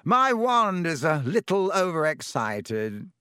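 A man's voice: on the high side, very animated, takes it slowly, clean tone, no room sound, studio quality, pitched above the performer's own voice, heavily acted. Gilderoy Lockhart, a man doing a vain wizard. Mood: fussy showy. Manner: bright, fussy and theatrical. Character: vain, flustered showy male wizard teacher.

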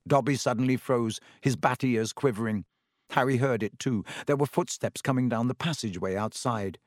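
A man narrating a story aloud as an audiobook, in an expressive storytelling manner. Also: medium pitch, moderate pace, dry recording, clean studio sound.

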